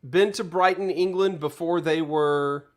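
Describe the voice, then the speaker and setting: A man's voice: on the high side, steady tone, unhurried. A man co-hosting a casual chat show, joking in an easygoing way. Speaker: co-host.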